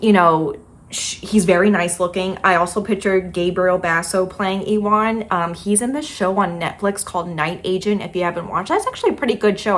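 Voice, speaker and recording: Her voice is fairly low and a bit bright as this young woman talks about favorite books in a casual review chat. The book vlogger is chatty and leans heavily on "like" and "kinda."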